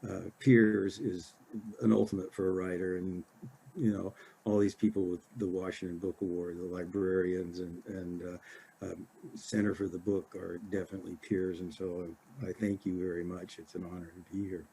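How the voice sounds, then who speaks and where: An older man from Oregon, an author giving a casual library talk, halting with many fillers and restarts. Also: deep voice, flat delivery, vocal fry, warm tone, slight background noise.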